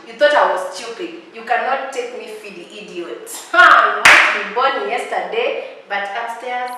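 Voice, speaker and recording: A woman's voice: medium pitch, a little slow, few pauses, pushed and bright, recorded from a distance, a little hiss or hum. A young Kenyan woman with a sassy, dramatic, mocking way of talking, ranting through a casual storytime. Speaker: vlogger. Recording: very echoey room, voice off-mic.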